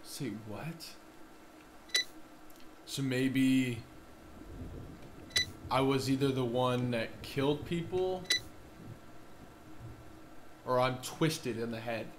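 A man hosting a horror game video, cursing, shouting at the game and talking back to its characters. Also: medium pitch, extremely slow, long pauses, heavy background noise. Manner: profane, loud and reactive, talks back to the game. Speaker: gaming video host. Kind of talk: horror game reaction commentary.

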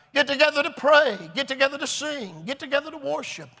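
A man preaching a revival sermon, swinging between shouted, chanting phrases with an "uh" between them and low, confiding talk. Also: lively intonation, fairly quick, gravelly, few pauses. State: recovering from Bell's palsy. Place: large church or revival hall. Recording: long hall reverb.

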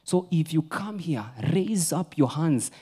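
A Kenyan man preaching a sermon in a church, mixing English and Swahili, swinging from loud urging to a near-whisper. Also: a little high, animated, unhurried, slightly rough. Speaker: pastor.

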